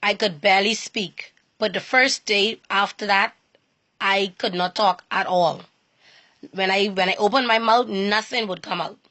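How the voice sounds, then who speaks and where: A woman's voice: mid-range voice, pushed and bright. A woman giving an earnest personal talk on faith, repeating herself and restarting phrases as she goes. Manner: earnest and repetitive, with halting restarts. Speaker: inspirational speaker.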